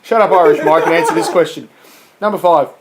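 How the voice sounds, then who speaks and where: A man's voice: a little high, fairly quick, a crowd in the background, low-quality recording. A man co-hosting a podcast, reading quiz questions in casual, teasing banter and laughing often.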